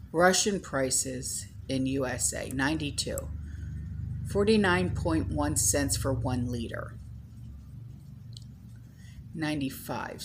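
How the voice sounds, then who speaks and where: A woman's voice: very deep voice, noisy background. A woman hosting her own channel, chatting casually to viewers in a rambling way, full of "you know" and "okay?". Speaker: channel host.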